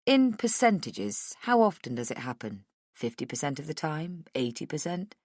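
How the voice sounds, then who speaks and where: A woman voicing a calm, gentle middle-aged male doctor in an audiobook, asking questions softly and slowly. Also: low-pitched, dry recording, studio quality. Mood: gentle, clinical. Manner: soft, slow, reassuring questioning. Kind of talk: audiobook dialogue.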